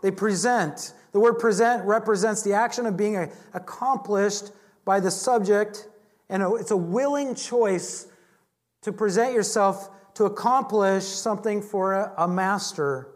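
Guy with a high voice giving a casual sermon, jokey, restarts a lot. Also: measured pace. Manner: chatty and joking, with frequent restarts. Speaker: Bible teacher. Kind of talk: conversational sermon.

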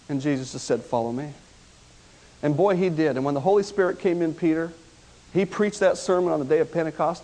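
Preacher, male, high-pitched, dramatic sermon delivery that swings from loud to hushed. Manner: animated storytelling, voicing the people of the story with swings from loud to hushed.

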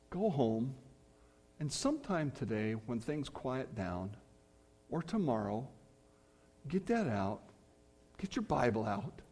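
Slow, earnest preaching man. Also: mid-range voice, a little mellow, slightly rough. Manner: earnest, rising emphasis on key phrases. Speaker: pastor. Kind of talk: sermon. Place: church.

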